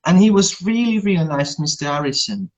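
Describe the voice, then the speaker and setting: A man's voice: fairly high pitch, animated, a little fast, lo-fi sound. A Hungarian man, an English teacher, in a casual live chat, talking in a chatty, self-deprecating way with many restarts.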